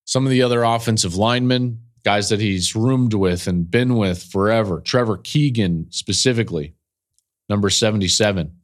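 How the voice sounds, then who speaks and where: Lowish-voiced middle-aged guy on a podcast mic, earnest, gets choked up telling a game story. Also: moderate pace. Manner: earnest, builds intensity, voice breaks with emotion. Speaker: college football analyst and podcast host.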